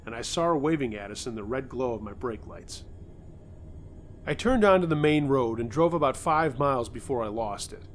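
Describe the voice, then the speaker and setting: A man's voice: mid-range voice, slight background noise. Man reading a scary story. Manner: first-person storytelling, tense retelling. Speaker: narrator. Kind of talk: scripted horror story reading.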